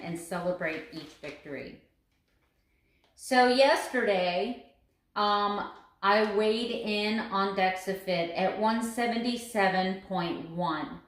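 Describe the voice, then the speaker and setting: A woman's voice: medium pitch, a bit bright, echoey room. A woman talking to camera in a casual daily vlog, earnest and emphatic, stressing her points by repeating phrases. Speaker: vlogger.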